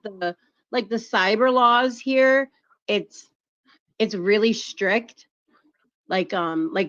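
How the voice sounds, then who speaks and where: A woman's voice: medium pitch, a bit bright, no echo. Woman, streamer, loose rambling chat, dull lo-fi sound. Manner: rambling, heavy use of "like". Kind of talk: casual chat.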